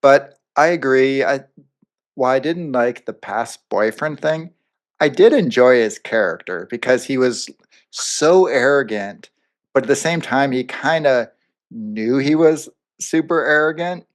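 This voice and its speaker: Man, podcast co-host, casual review chat, rambling, medium pitch. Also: measured pace. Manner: rambling, animated, lots of fillers.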